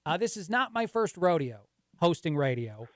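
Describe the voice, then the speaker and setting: A man's voice: on the high side, sing-song, normal speed, fairly bright tone, no echo, studio quality. A man guest-hosting talk radio, casual and rambling, laughing easily.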